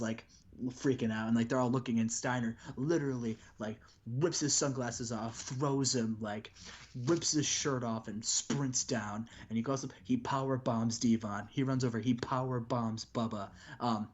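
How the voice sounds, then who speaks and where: A man's voice: medium pitch, dull audio. A man co-hosting a game stream, recapping matches in a rambling way with many restarts. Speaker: co-host. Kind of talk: casual game recap chat.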